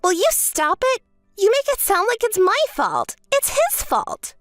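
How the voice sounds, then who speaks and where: A woman playing a spoiled bratty bride in a texting story, high shrill whiny voice that swoops all over, super demanding. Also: huge pitch swings, a little slow, fairly bright tone, no echo, clean studio sound, faint music behind, heavily acted. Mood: boastful. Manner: demanding and indignant. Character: spoiled, self-centered young woman, bride.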